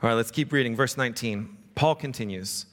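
A man's voice: mid-range voice, brisk, a bit bright. A male pastor preaching a casual, conversational sermon, often checking in with the congregation. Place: church sanctuary. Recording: long reverb of a hall.

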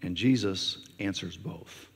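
A man's voice: sits low, slow, breathy edge. A male pastor preaching a conversational sermon with frequent fillers, who acts out questions in a raised voice. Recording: long hall reverb.

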